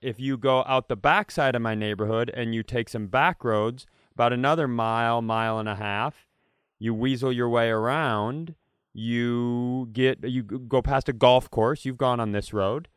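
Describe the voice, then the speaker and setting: This podcast co-host chats casually on a comedy show in a clean, mid-range voice at a moderate pace, captured in studio quality with no room sound. He wanders off topic, fumbles for words and mocks himself, with faint, largely trained-out traces of a Southern US accent.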